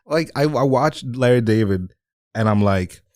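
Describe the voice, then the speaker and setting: A man co-hosting a casual podcast chat, relaxed and joking, swearing freely. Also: medium pitch, unhurried, no echo, studio quality. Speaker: podcast co-host.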